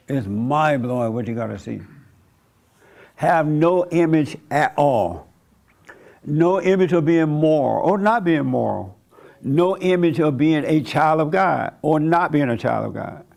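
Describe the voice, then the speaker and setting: Gravelly conversational preacher man. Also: on the high side, darkish tone. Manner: conversational preaching, chuckling, acting out quoted voices. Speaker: pastor. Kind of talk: sermon.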